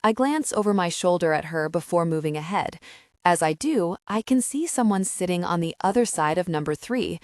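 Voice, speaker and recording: A woman narrating a first-person thriller audiobook in a tense, steady storytelling manner. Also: on the low side, moderate pace, no echo, studio quality.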